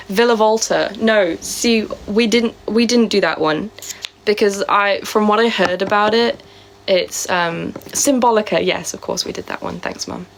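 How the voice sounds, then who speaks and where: Woman, casual live streamer, sore throat, chatty and rambling, mid-pitched. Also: creaky, slight background noise. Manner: chatty and rambling, with many fillers. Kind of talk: casual live-stream chat answering viewer comments.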